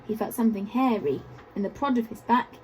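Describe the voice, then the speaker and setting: A woman teacher reading a rhyming picture book aloud, expressive and rhythmic. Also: on the high side, fairly quick, rough recording.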